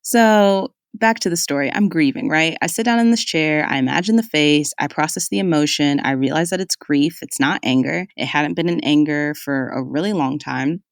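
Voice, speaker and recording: A woman's voice: low voice, moderate pace, hardly any pauses, no echo, studio quality. A young woman hosting a podcast, telling a personal story in a candid, conversational way and speaking straight to her listeners. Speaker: podcast host.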